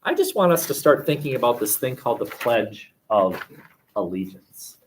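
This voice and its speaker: A man teaching a class, lively and joking, asking students questions. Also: medium pitch, normal speed, a little hiss or hum. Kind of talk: classroom lecture. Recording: echoey classroom from far off.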